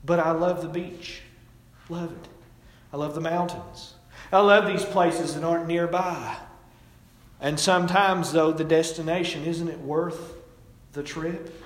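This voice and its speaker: A middle-aged man preaches in a plain, folksy storytelling way, his voice a touch on the high side. The sound rings around a large church sanctuary, with a long, echoing tail. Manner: folksy, storytelling preacher with rising and falling emphasis. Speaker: pastor. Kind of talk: sermon. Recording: echoey hall, distant mic.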